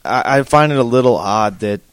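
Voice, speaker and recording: A man co-hosting a casual podcast chat, hesitant with many restarts and quick to laugh. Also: mid-range voice, clean tone, no room sound. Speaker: podcast co-host.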